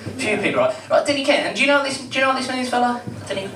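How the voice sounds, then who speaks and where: Rapid-fire and very high-pitched, with lively intonation, an eighteen-year-old comic rambles and teases the audience from a comedy club stage, filling his chatty set with fillers. The mic is distant, and the room is echoey and noisy.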